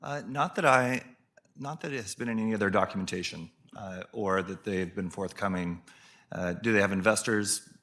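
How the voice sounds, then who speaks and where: Deep-voiced man explaining city business. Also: a bit bright. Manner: measured explanatory, with fillers. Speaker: city staff presenter. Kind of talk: explaining at a council meeting.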